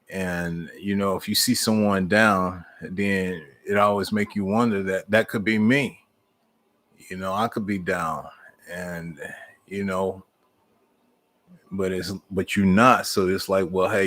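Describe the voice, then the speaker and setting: Middle-aged man, folksy live-stream host, somewhat low voice, easygoing storyteller. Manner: folksy, storytelling, warm Southern American speech with "y'all". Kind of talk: casual live-stream chat, reading viewer comments.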